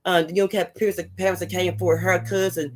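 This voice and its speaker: Animated high-voiced man chatting on a livestream. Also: fast talker. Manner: animated, laughing, repeats catchphrases. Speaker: livestream host. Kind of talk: casual livestream chat to viewers.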